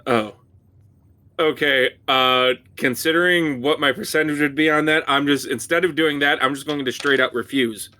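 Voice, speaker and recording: A man's voice: on the high side, moderate pace, pushed and bright. A man playing a tabletop game, talking bluntly and wryly. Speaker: player. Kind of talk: casual chat.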